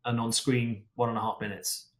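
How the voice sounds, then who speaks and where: A man's voice: medium pitch, flat delivery, moderate pace, a bit bright. A man, a guest stunt and racing driver, telling stories in a chatty podcast conversation full of restarts and fillers. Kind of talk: casual anecdotal podcast talk. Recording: echoey room.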